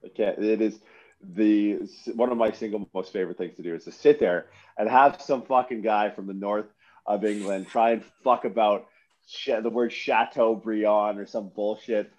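A man's voice: fairly low pitch, darkish tone, lo-fi sound. A man speaking as a guest in a casual podcast chat, enthusiastic and sweary.

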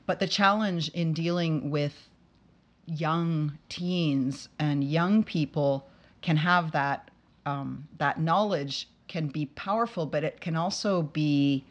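A woman hosting an interview, talking in a reflective and hesitant way with halting restarts. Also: deep voice, muffled recording. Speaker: interview host, musician and composer. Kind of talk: casual interview conversation.

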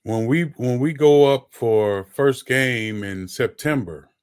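A man's voice: medium pitch, slow, clean tone. A man hosting a casual sports podcast, often repeating words as he gathers his thoughts. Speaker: podcast host, former player.

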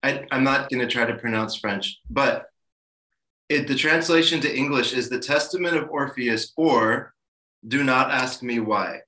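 A man's voice: mid-range voice, measured pace, sharp tone, echoey room, low-quality recording. A man co-hosting a film podcast in a laid-back, casual way, laughing often. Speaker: podcast co-host.

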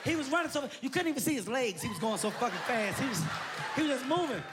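A man doing stand-up comedy, telling an animated story and acting out voices, laughing as he goes. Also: extremely high pitch, quick pace. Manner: excitable, animated, breaks into laughter, acts out voices. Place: large venue with live audience. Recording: live show with loud crowd noise.

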